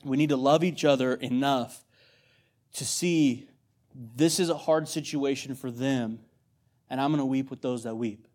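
A man's voice: medium pitch, unhurried, darkish tone. A man in his thirties preaching a sermon in a conversational way, often repeating words and checking in with the congregation. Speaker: missionary preacher.

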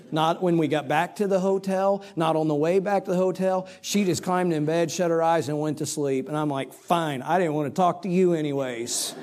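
A middle-aged man preaching, telling a story about himself in an animated, self-mocking way with quoted asides. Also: fairly high pitch. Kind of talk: storytelling sermon.

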